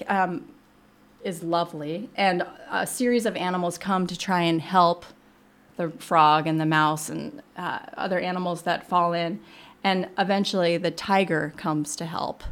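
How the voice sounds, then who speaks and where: A woman children's librarian speaking as a guest on a radio show, explaining picture books gently with frequent ums. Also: lowish voice, steady tone, unhurried. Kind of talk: casual radio interview, reading aloud.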